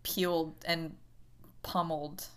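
A woman's voice: low voice, level tone, takes it slowly. A young woman co-hosting a podcast, chatting playfully with laughter and swearing. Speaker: podcast co-host. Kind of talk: casual chat.

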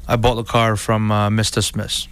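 A man's voice: on the low side, level tone, moderate pace, fairly bright tone, clear, resonant tone. A man, a car dealer, talking casually to viewers, rambling with restarts and acting out what people say. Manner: rambling, repeats and restarts, acts out quotes.

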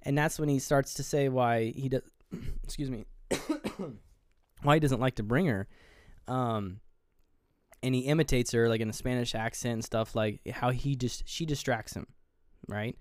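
A man's voice: mid-range voice, moderate pace, no echo, studio quality. A man co-hosting a podcast, casually retelling movie scenes in a rambling way and briefly mimicking the characters. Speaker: podcast co-host. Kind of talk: casual movie review chat.

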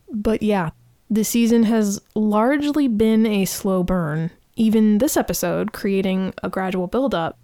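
A woman hosting a podcast, giving a casual, animated recap of a TV episode with frequent restarts. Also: mid-range voice, no echo, clean studio sound. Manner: chatty, animated retelling with restarts. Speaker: podcast host.

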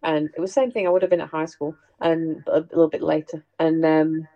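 A middle-aged woman hosting a casual chat, telling family anecdotes in an animated way and laughing along. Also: sits low, fairly quick, dull audio. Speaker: host sharing family memories.

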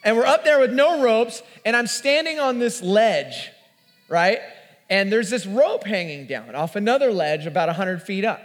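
A man telling a self-mocking, animated story as part of a sermon. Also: high-pitched, normal speed. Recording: long hall reverb.

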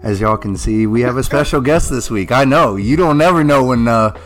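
A man's voice: medium pitch, fairly quick, soft background music. A man hosting a podcast in casual banter, joking and laughing often. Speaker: podcast host.

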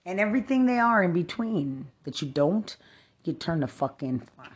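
A woman's voice: lowish voice, big pitch swings, moderate pace. A woman from Texas, delivering a profane, rambling rant, angry and cursing as she jumps from one thought to the next.

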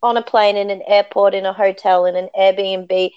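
A woman's voice: medium pitch, little pitch movement, moderate pace, clean tone, no room sound, muffled recording. A woman guest in a podcast interview, telling a personal story in an earnest, reflective and emphatic way.

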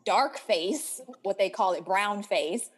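Frank American woman, casual and relaxed. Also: medium pitch, takes it slowly, slightly rough. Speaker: podcast co-host. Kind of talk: casual chat.

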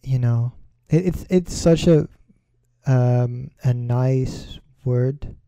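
Male host, unhurried solo chat, very dark mellow voice, dry close sound, rambling with fillers. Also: medium pitch, clean tone, dry recording. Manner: rambling, many fillers and pauses; slow, relaxed delivery. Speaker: podcast host. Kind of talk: casual solo talk.

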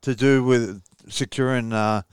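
A man's voice: medium pitch, steady tone, measured pace, clear, resonant tone, dry recording. An Australian man co-hosting a radio show, friendly and encouraging in casual chat. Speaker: radio co-host.

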